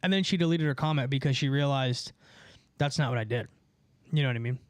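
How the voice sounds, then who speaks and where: A man's voice: mid-range voice, fast talker, no room sound. A man hosting a live call-in stream, talking casually and rambling with many fillers and restarts while reading chat comments. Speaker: host of a live call-in show.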